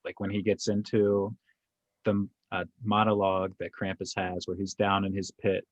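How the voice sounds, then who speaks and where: A man co-hosting a podcast, chatting casually about a book in a relaxed manner, often chuckling and asking questions. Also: low-pitched, normal speed, no room sound. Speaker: podcast co-host. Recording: dull dry lo-fi sound.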